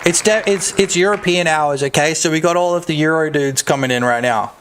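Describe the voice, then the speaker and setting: A man in his thirties with an Australian accent, chatting loosely on a game dev stream, joking, swearing and breaking into loud shouts. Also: on the high side, fairly quick, a little hiss or hum. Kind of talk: casual live-stream chat.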